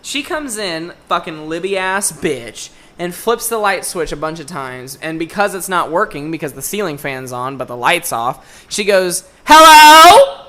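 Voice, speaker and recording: Bright-voiced young man ranting. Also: a little high, expressive, normal speed, few pauses. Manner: profane, exasperated ranting. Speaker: podcast co-host. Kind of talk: casual chat, ranting story.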